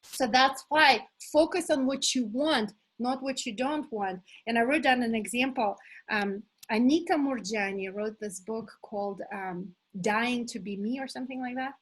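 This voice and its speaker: A middle-aged woman leading a live motivational workshop as a coach, enthusiastic and animated, talking to her listeners as "you guys". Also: fairly high pitch, moderate pace, rough recording. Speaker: manifestation coach hosting an online challenge.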